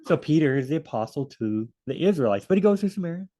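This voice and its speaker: A man's voice: medium pitch, expressive, quick pace, few pauses, dark tone. A man teaching a casual Bible study, rambling, correcting himself and acting out quoted lines. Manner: rambling and self-correcting, acts out quotes in different voices.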